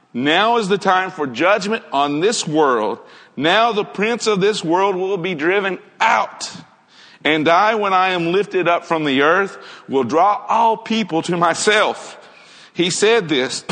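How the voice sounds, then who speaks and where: High-voiced man preaching in a reverberant hall. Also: a bit bright. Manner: earnest, asks the listeners many rhetorical questions. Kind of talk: sermon.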